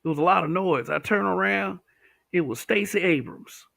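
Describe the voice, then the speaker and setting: A man's voice: high-pitched, moderate pace, vocal fry, fairly bright tone, no echo, clean studio sound. A man hosting a livestream, talking bluntly with profanity and reading viewer comments. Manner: blunt, profane, talks back to chat.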